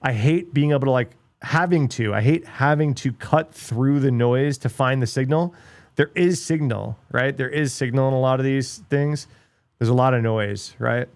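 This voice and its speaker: A man's voice: mid-range voice, normal speed, darkish tone, no room sound. Blunt, swearing man ranting on a livestream. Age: middle-aged. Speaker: livestream host. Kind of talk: casual livestream chat, reacting to videos.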